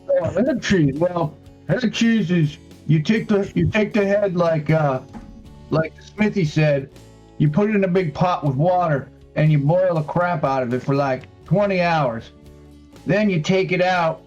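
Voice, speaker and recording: A man's voice: on the high side, darkish tone, dull audio, natural voice. A man voicing a gluttonous townsman who talks with his mouth full of food, in a tabletop game. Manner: mumbling through a mouthful of food.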